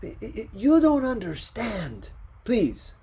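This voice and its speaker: A man's voice: high-pitched, wildly swooping pitch, slow pace, warm tone, slightly rough, pitched above the performer's own voice, full character voice. A man voicing a nervous male photographer who stammers and placates. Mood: flustered.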